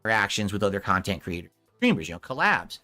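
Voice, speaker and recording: A man's voice: on the low side, very animated, quick pace, sharp tone, faint music behind. A man hosting a podcast, talking in an apologetic, rambling way in a casual conversation. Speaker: podcast host.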